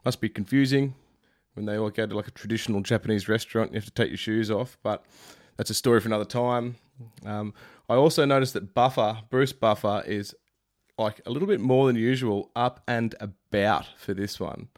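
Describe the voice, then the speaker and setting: A man with a fairly low voice rambles through a comedic fight-night recap. His delivery is irreverent and casual, with offhand jokes dropped in between the play-by-play. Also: steady tone, fairly quick. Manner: irreverent, rambling, joking asides. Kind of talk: comedic sports recap monologue.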